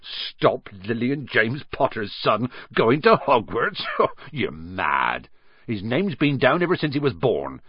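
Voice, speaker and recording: A man voicing a big, gruff, kindly gamekeeper who rumbles and hesitates with ums and uhs. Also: big pitch swings, slow pace, dry recording, lo-fi sound, exaggerated voice. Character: huge gruff kindly male gamekeeper, older.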